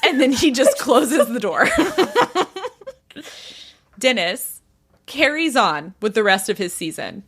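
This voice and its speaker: Woman podcast host spilling gossip, bright voice, pitch all over the place, laughs a lot. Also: slow, pauses often, breathy edge. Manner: animated, laughs often, acts out characters' lines. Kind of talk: casual gossip storytelling.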